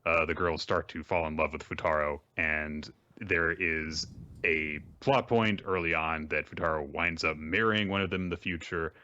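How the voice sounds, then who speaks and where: A man hosting a podcast, summarizing a manga series in a rambling, measured way with lots of fillers. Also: very deep voice, steady tone, bright, forceful tone. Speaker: podcast host. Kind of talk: casual chat and series summary. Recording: dry, dull lo-fi mic.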